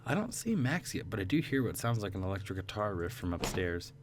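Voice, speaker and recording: A man's voice: on the low side, big pitch swings, brisk, noisy background. A young man reading a visual novel aloud, breaking off for chatty, laughing asides full of ums. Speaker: gaming video creator.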